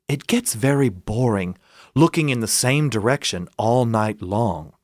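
A man from South Carolina, telling a story and breaking into high squawking bird noises. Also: animated, measured pace, darkish tone, no echo, studio quality.

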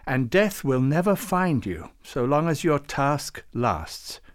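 A man's voice: mid-range voice, sing-song, slow, no echo, studio quality, voice pushed up. A man voicing a solemn old male saint who leads a council, speaking in a stately, intoning way in a storybook reading. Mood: kindly. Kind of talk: storybook character voice.

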